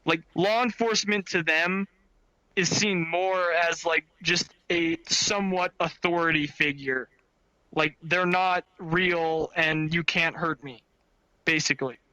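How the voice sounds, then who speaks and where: A man with a high, very bright voice tells a casual story about his work. He is animated and swears freely. His voice is recorded dry and close, with no room sound. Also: a little slow, no room sound, poor audio. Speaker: storyteller recounting bail bond work. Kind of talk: casual anecdote.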